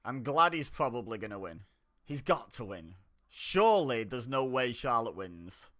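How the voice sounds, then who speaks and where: A man's voice: mid-range voice, sing-song, moderate pace, fairly bright tone. A man talking casually as he reacts to a reality show, chatty and exasperated. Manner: chatty, exasperated, laughs often. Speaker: reaction video host.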